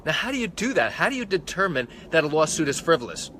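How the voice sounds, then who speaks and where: A man's voice: on the high side, big pitch swings, fast talker, bright, forceful tone, a little hiss or hum. A man, a malpractice lawyer, explaining a legal point on a live stream, counting off points one by one, into a phone held close. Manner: methodical, counts points off by number.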